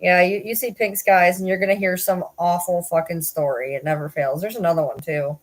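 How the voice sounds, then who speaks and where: A woman's voice: lowish voice, steady tone, fairly quick. A woman, chatting casually on a live stream, rambling and swearing with frequent laughs. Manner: rambling, swears, laughs often, self-deprecating.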